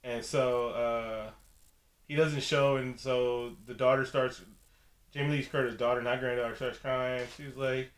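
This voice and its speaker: A man chats loosely on a podcast, retelling a movie's scenes and throwing himself into every character's voice. His tone is bright and forceful, and the room around him rings with echo. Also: mid-range voice, moderate pace, slight background noise. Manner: animated, acts out characters' lines. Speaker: podcast co-host. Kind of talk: casual movie review chat.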